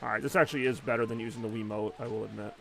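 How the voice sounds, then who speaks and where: A man's voice: medium pitch, fairly even intonation, rapid-fire, gravelly, a bit bright, soft background music. A young man chatting casually and rambling while he plays a video game on a live stream. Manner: rambling, conversational, many fillers.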